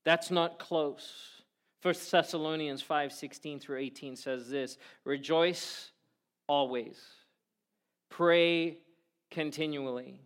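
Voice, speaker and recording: A man preaching a sermon, earnestly quoting prayers and scripture, often dropping suddenly soft. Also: fairly high pitch, steady tone, slow pace, smooth. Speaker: pastor.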